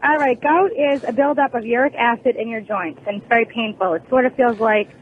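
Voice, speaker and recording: A woman's voice: fairly high pitch, a little fast. A woman calls in to a morning radio show and explains things in a friendly way. Her voice comes through a narrow, tinny phone line with a faint hiss underneath. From Boston area. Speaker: caller.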